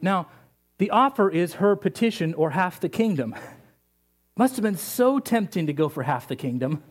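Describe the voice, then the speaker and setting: A male pastor with a high-pitched voice, preaching. He retells a story with humorous asides. His delivery is lively storytelling. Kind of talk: sermon.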